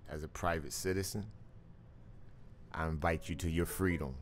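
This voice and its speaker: A man with a booming voice hosting a live call-in stream, musing slowly and philosophically before taking callers. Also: fairly even intonation, faint music behind. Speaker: live stream radio host. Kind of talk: reflective monologue and call-in chat.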